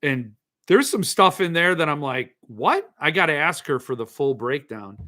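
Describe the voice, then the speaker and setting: A man's voice: a little high, expressive, normal speed, sharp tone. A middle-aged man hosting a podcast, chatting casually in a rambling, jokey, self-mocking way. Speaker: podcast host. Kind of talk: casual chat.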